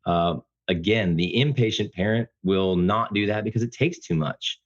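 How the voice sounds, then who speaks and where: A man speaking as a podcast guest, talking about fatherhood in an earnest, emphatic, loud-voiced way. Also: lowish voice, normal speed, muffled recording. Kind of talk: casual interview conversation.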